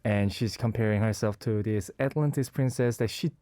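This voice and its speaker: A man's voice: on the low side, normal speed, dark tone, no echo, clean studio sound. A man co-hosting a radio music show, casually presenting a song pick and searching for his words. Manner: hesitant, many fillers and restarts, searching for words. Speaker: radio co-host.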